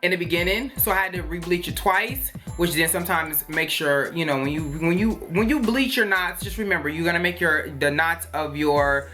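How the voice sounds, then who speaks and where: A woman's voice: fairly low pitch, moderate pace, few pauses, a bit bright. A woman reviewing hair products in a chatty, rambling way, with many fillers and playful jokes. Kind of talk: casual product review chat. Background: faint music.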